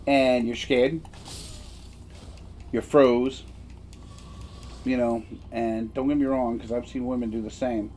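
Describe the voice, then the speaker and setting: A man's voice: medium pitch, flat delivery, slow, pauses often, a little mellow, slight background noise. A man streaming who tells a personal story in a candid, rambling way. He is emphatic and blunt, and keeps checking in with "right?". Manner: candid and blunt, occasional swearing. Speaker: game streamer.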